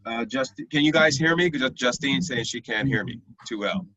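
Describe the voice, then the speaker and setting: Over dull, lo-fi video call audio from a computer mic, a young man leads an online math class. His medium-pitched voice sounds pushed and bright at a normal pace, and he patiently checks understanding frequently.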